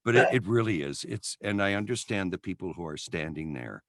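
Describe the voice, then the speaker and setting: A middle-aged man co-hosting a casual chat, an animated storyteller who acts out the people he quotes. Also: deep voice, brisk, slight background noise. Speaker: podcast co-host, voiceover coach.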